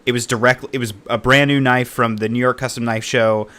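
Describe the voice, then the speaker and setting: A man's voice: medium pitch, fairly even intonation, brisk, sharp tone, smooth. A man as a podcast guest, telling his story in a rambling way with many fillers. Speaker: podcast guest, knife collector. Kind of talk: casual podcast interview.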